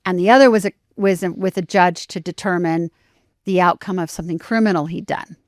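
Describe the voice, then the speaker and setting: A woman with a lowish voice tells a story as a podcast guest, animated and expressive, slipping into the voices of the people she describes. The sound is close and dry, with no room around it. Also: fairly quick, no echo. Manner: animated, acts out dialogue with lively shifts.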